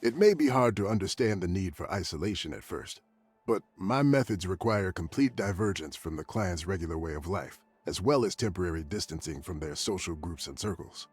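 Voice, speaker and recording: A man voicing a therapist character in a video game, calm, measured and formal. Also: deep voice, slightly rough, soft background music. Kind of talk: scripted video game dialogue.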